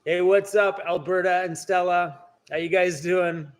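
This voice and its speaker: Chatty high-voiced man. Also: fairly even intonation, unhurried. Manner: chatty, reads and answers viewer comments. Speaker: live stream host. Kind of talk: casual live stream chat. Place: indoor workshop.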